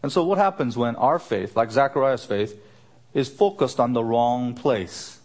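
A man's voice: expressive, measured pace, darkish tone. A man preaching an expository sermon, earnest, lifting his voice to stress a point and repeating his questions. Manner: earnest, rising pitch for emphasis, repeats questions. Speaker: pastor.

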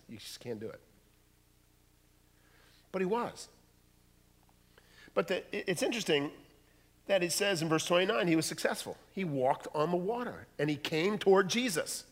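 A man preaching a sermon, dramatic, dropping to a hush and rising to loud bursts. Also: on the high side. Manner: dramatic, swings from hushed to loud. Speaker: pastor. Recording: long hall reverb.

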